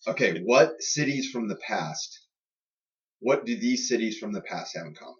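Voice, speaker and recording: A man's voice: lowish voice, expressive, moderate pace, fairly bright tone. A man co-hosting a podcast, chatting casually and joking about faith and government. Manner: joking, puts on silly party voices. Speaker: podcast co-host. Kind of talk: casual chat. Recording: distant, muffled lo-fi sound.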